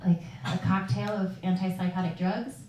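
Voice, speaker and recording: A woman's voice: mid-range voice, little pitch movement, moderate pace, dark tone. A woman telling a personal story live on stage, candid and darkly funny. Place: live performance venue. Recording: very echoey room from far off.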